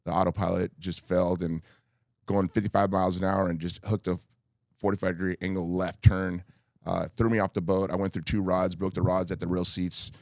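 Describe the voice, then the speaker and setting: Fast-talking deep-voiced man in his fifties. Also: flat delivery, gravelly, a little mellow, no room sound, studio quality. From California. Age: 50s. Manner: earnest, rambling storyteller with many fillers. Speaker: guest. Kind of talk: candid podcast interview. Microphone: studio microphone.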